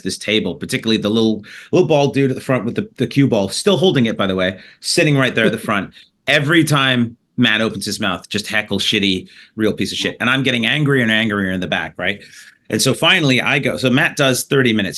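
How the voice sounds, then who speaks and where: Canadian comedian guy, bright tense voice, swears a lot, tells stories fast and loose. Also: on the low side. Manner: animated anecdote-telling with profanity and laughter. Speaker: comedian guest. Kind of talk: storytelling in a podcast interview.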